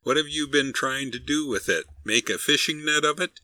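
A man's voice: on the high side, normal speed, sharp tone, no echo, voice pushed up. A man doing a grumbling, scolding boatman. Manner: scolding, mocking.

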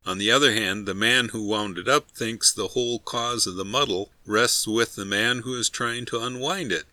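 A man narrating a humorous story in a steady, wry reading voice. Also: lowish voice, moderate pace, no room sound.

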